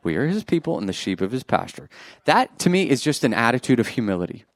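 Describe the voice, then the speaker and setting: A man preaching a sermon, animated and joking with the congregation, swinging from loud bursts to quiet asides. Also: medium pitch, fast talker, no room sound, clean studio sound. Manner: jokes with the congregation.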